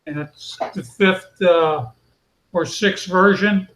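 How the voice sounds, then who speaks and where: A man's voice: high-pitched, slow pace, fairly bright tone, slight background noise. A man on a casual video call, patiently explaining aircraft details and his model building. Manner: knowledgeable, explains aircraft designations step by step. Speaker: guest on a hobby hangout. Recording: roomy echoey room sound.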